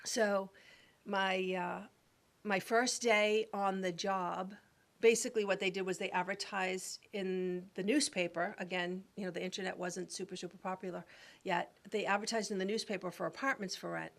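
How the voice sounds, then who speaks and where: Animated middle-aged woman telling stories. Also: mid-range voice, moderate pace, vocal fry. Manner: animated storyteller who acts out voices. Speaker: guest, real estate agent. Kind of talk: casual interview storytelling.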